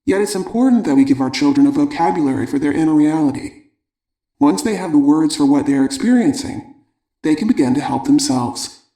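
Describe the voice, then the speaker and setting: A man reading a parenting audiobook in a calm, measured way. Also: on the high side, reverberant. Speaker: audiobook narrator. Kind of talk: scripted audiobook narration.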